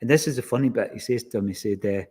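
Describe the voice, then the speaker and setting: A man with a Scottish accent tells a story in relaxed podcast conversation. His voice sits in an ordinary middle pitch, and he acts out the lines he quotes from the people involved. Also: very fast, slightly rough. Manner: animated anecdotal, acts out quoted exchanges. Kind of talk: casual storytelling.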